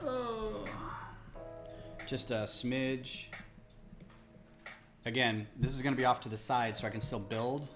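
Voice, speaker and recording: A chatty man hosts a casual live stream from a home table, close on a desktop microphone. His voice sits at a middle pitch, and he talks his way through each step with jokey asides while ambient music plays behind him. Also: lively intonation, slow, long pauses. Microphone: desktop USB microphone close to the speaker. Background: ambient music from a laptop.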